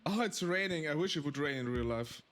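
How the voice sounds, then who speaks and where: A high-voiced man chats casually while playing a game on stream. His voice swoops up and down with a lot of life. He is playful and laughs often. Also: lively intonation, brisk, fairly bright tone, slight background noise. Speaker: streamer host. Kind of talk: casual gameplay chat.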